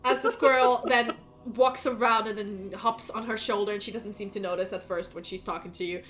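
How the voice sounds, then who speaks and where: A woman's voice: medium pitch, steady tone, fairly quick, a bit bright, slight background noise. A woman narrating as game master of a tabletop role-play, casual and giggly. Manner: casual, giggly, restarts often.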